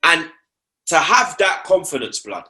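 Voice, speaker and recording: A man's voice: fairly high pitch, very animated, measured pace, pushed and bright. A young man, talking football on a casual podcast, slangy and repeating himself for emphasis.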